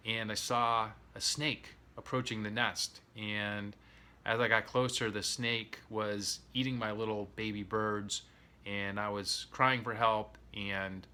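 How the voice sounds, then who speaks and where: A man's voice: lowish voice, pushed and bright. A man voicing a grieving bird in a spoken folk tale, sad and resigned. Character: sorrowful bird, grieving parent.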